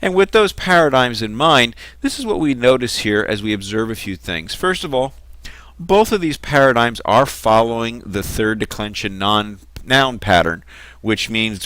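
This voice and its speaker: A man's voice: lowish voice, fairly bright tone, clean tone, no echo. A man giving a recorded lecture on Greek grammar, explaining patiently and methodically.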